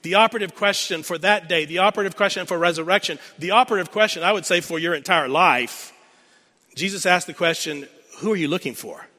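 A man's voice: high voice, quick pace, pushed and bright. A man preaching a sermon, retelling a scripture scene as a story and repeating key phrases for emphasis. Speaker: pastor. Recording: long reverb of a large hall.

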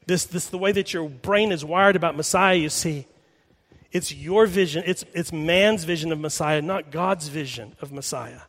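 A man's voice: fairly high pitch, fairly bright tone. A man preaching a sermon as pastor in a church, telling a story with rhetorical questions. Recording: long hall reverb.

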